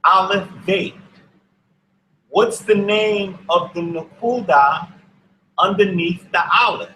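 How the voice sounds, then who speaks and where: A man leads a class at a very unhurried pace and repeats words so students can echo them. His voice is bright and a little high. The sound carries the echo of a room. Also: a little hiss or hum. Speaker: Hebrew teacher. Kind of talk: slow classroom instruction.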